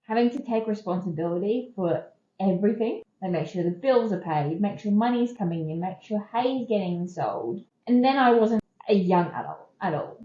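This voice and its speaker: A woman's voice: mid-range voice, roomy sound, lo-fi sound. Candid Australian woman telling her story. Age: 30s. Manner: candid, conversational, emphatic repetition. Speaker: podcast host. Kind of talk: personal storytelling.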